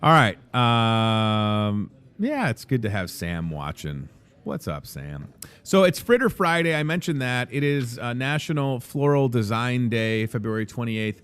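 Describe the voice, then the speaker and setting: A man talks his way through a live in-store promo, rambling from topic to topic and cracking jokes. His pitch swings widely and sits in a middling register. The tone stays loose and upbeat. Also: big pitch swings, measured pace, fairly bright tone, clean tone. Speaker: store show host. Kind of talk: casual live promo chat. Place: inside a grocery store.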